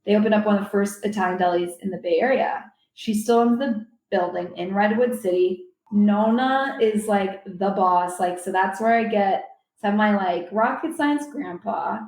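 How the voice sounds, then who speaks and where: Young woman guest, chatty and animated, from Silicon Valley; recorded with an echo. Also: medium pitch, normal speed. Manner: animated, rambling, quotes people in voices. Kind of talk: casual storytelling chat. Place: convention venue. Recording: roomy echo.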